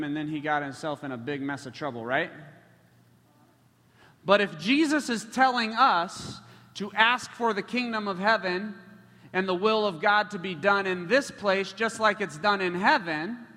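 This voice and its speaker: Passionate preacher in an echoey hall. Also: male voice, sits high, bright, forceful tone. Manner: passionate, with frequent surges in volume. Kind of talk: sermon.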